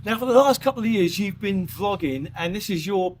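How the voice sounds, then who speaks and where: Lively high-voiced interviewer man. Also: fairly quick, slight background noise. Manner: enthusiastic, friendly prompting. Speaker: host, interviewer. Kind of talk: casual interview. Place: outdoors at a lakeside park.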